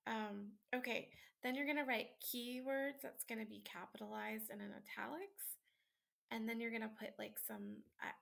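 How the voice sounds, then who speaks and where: A college instructor records her screen as she guides students through a sample paper from home late at night, sounding tired, chatty, and full of ums and likes. She speaks at a moderate pace with a medium-pitched, a bit bright voice, fairly even intonation, and vocal fry.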